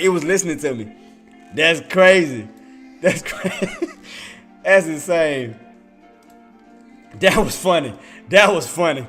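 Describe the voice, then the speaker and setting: High-voiced guy doing live trading commentary, laughs a lot, faint music behind. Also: fairly bright tone. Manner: playful, laughs often; repetitive, hypes himself up. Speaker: day trader streamer.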